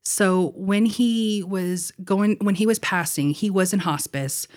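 A woman's voice: medium pitch, takes it slowly, a little mellow. A young woman co-hosting a podcast, telling a personal story in a casual chat, laughing often and leaning on fillers like "like" and "you know.". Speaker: podcast co-host.

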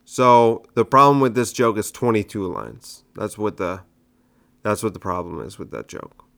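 Speaking at normal speed with vocal fry and a slightly bright edge, a young comedian on the low side of the pitch range rambles through his own podcast. He spends time mocking the jokes he used to do.

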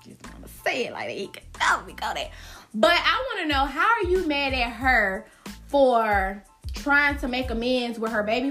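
Brief: high-pitched woman host of a gossip podcast, sassy and slangy. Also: a bit bright. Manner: sassy, repeats lines for emphasis, slangy. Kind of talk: casual solo gossip podcast.

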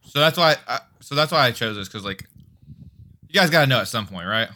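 A man's voice: mid-range voice, lively intonation, fairly quick, bright, forceful tone. A young man co-hosting a podcast, talking loosely and rambling with lots of restarts. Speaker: podcast co-host. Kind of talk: casual chat.

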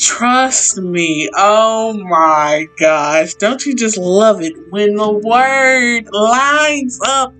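Heartfelt woman hosting a devotional podcast. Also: a little high. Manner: heartfelt, expressive, prone to tearing up; folksy, talks straight to listeners. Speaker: podcast host. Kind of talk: casual devotional podcast with prayer and reading.

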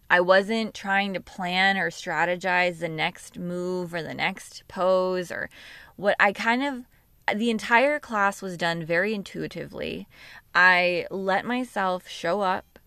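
Sleepy woman musing slowly on a podcast. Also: lowish voice, a bit bright, no room sound. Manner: slow, musing, with laughs and self-corrections. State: sleepy, yawning. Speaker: podcast host and yoga teacher. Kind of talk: casual reflective monologue.

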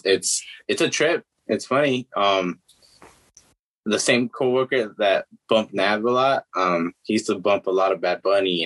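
A man's voice: lowish voice, a bit bright, poor audio. A young man co-hosting a podcast, telling loose, profane, rambling stories in casual chat.

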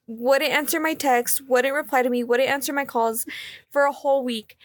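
High-voiced young woman telling a story. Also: normal speed, dry recording. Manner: animated storyteller, quotes people, swears freely. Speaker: podcast co-host. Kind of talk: casual storytelling chat.

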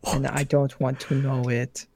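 A relaxed man talks loosely with his gaming group and drops curses without a second thought. His voice sounds dry and close, with no room around it. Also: medium pitch, moderate pace, no room sound. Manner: laid-back, swears freely. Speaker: player. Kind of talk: casual group chat.

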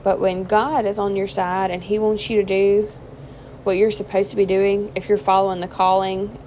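Young mom vlogger, folksy and chatty, faith talk, noisy background. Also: female voice, mid-range voice, normal speed. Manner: chatty, folksy, addresses listeners as y'all. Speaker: Christian vlogger and mother. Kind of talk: casual faith-based encouragement and storytelling. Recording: steady background noise.

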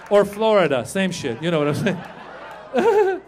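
Stand-up comedian, middle-aged man, high-pitched, animated delivery into a handheld stage mic, faint club ambience. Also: unhurried, a faint crowd, a little hiss or hum. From Iran. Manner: animated, acts out quoted voices, shouts punchlines. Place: comedy club stage before a live audience.

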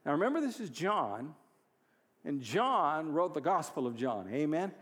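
A pastor preaching a sermon, moving from quiet storytelling to loud, fervent exhortation. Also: male voice, a little high, sing-song, measured pace, long reverb tail. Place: church hall.

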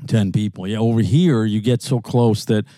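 A brash man with a New York accent rants and curses his way through casual banter as a co-host. His voice is dark and mellow, and the sound is dry and close. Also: fairly low pitch, moderate pace, no room sound. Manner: brash, swears constantly, loud rants. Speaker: podcast co-host. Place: in a car.

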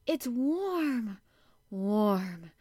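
A woman voicing a sharp, curious little girl in an audiobook. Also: fairly high pitch, animated, normal speed, no echo, clean studio sound. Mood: excited. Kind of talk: audiobook character voice.

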